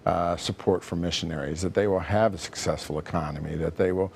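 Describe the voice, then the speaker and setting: A man's voice: low-pitched, fairly even intonation, brisk, creaky, a little mellow, a little hiss or hum. A man speaking as a guest on a TV panel discussion, hesitant and full of restarts.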